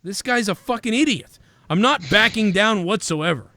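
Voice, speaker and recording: With a high, sharp-toned voice, lively intonation and normal speed, a man hosting a livestream reads viewer donations. He rants casually, mocking a critic with sarcastic, profane, combative jabs, recorded without echo.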